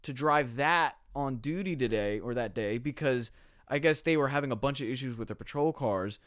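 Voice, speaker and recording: A man's voice: medium pitch, normal speed, a bit bright, no room sound. A man guesting on a podcast, telling a story in a casual, slangy, laid-back way in a studio.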